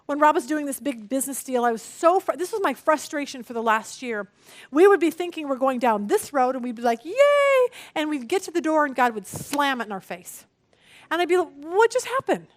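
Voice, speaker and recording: A woman's voice: a little fast, no room sound. A middle-aged woman teaching a women's Bible study, telling stories animatedly with a self-mocking humor and acting out what people said. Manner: animated storytelling, acts out quotes with big pitch jumps; self-deprecating humor, frequent "okay?".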